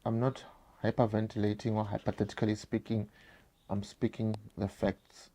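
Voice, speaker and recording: A man's voice: lowish voice, little pitch movement, normal speed, mellow. A South African man telling a painful personal story straight to his viewers, repeating phrases and calling them guys. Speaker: vlogger.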